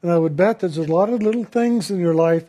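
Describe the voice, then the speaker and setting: High-voiced man giving a gentle spiritual talk. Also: brisk. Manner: gentle, reflective, laughs while telling a story. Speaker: spiritual teacher.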